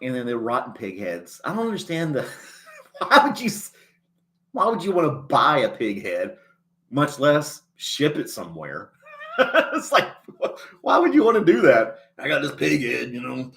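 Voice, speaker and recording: A man hosting a casual livestream chat, rambling in a folksy way and chuckling often, a little choked up and clearing his throat. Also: fairly high pitch, huge pitch swings, measured pace, pushed and bright. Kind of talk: casual chat reading a live chat.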